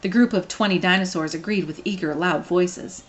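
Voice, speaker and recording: A woman reading a children's novel aloud, expressive and playful. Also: on the low side, normal speed. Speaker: reader.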